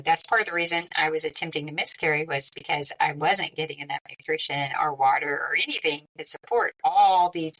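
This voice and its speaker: Bright-voiced middle-aged woman telling her story. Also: lowish voice, far from the mic, poor audio. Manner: lively, conversational, with frequent quoted dialogue. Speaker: podcast guest. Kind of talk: personal storytelling.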